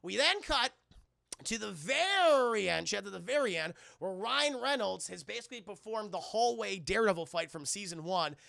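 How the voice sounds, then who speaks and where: A man streaming a casual film recap, animated and profane, often addressing his chat. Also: high-pitched, moderate pace, gravelly, no room sound, studio quality.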